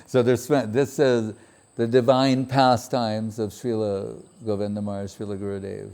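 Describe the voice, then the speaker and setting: A man giving a spiritual talk, telling a story in a lively way, quoting others in a raised voice and laughing often. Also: lowish voice, a little slow, vocal fry. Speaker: spiritual speaker.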